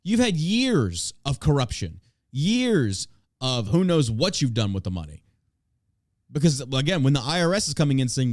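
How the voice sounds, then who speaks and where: An American man hosting an opinion podcast, with a mid-pitched voice and a blunt, profane delivery. He swings from mocking sarcasm to flat dismissal, and the sound is dry and close. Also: normal speed, no echo. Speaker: podcast host.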